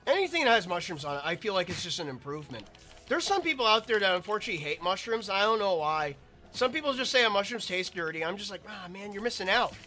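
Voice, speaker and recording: A man's voice: high-pitched, sing-song, quick pace, pushed and bright, soft background music. A man giving rambling, chatty commentary while playing a video game. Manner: rambling, chatty, self-interrupting. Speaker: gaming video creator. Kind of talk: casual gameplay commentary.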